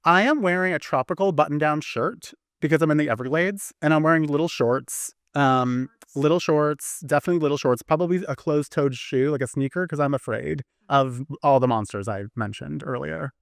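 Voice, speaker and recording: A chatty man tells a story with lively energy on a casual podcast. His voice sits a little high for a man. The recording is dry and close, with no room sound. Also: brisk, gravelly, hardly any pauses, no echo. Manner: animated, chatty, lots of likes and restarts.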